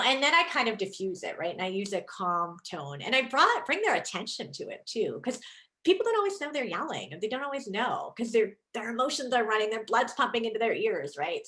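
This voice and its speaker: A woman in her thirties, a leadership coach, giving an enthusiastic, chatty online presentation over a video call. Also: mid-range voice. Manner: lively, enthusiastic, chatty with many fillers.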